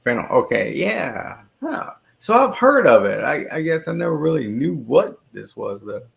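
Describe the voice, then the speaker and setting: A man's voice: fairly high pitch, sing-song, normal speed, vocal fry. A man appearing as a guest on a live stream, giving short reactions and thinking aloud. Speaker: guest, fitness coach. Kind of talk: casual chat on a video call.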